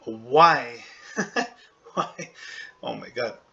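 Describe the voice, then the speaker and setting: A man teaching a casual video lesson on a language, thinking aloud with fillers and checking in with "okay?" and "right?", and slowly sounding out example words. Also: medium pitch, animated, creaky, bright, forceful tone, dull audio.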